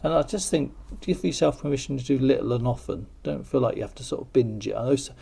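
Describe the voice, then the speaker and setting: A man's voice: medium pitch, fast, creaky, mellow, slightly rough. A man hosting a podcast, chatting casually in an encouraging way and laughing often. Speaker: podcast host. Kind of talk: casual chat.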